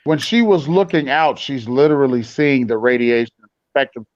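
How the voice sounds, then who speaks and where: Emphatic man with a muffled, lively voice. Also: medium pitch, normal speed. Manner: emphatic, quoting his own reactions. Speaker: podcast co-host. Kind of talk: casual TV recap chat.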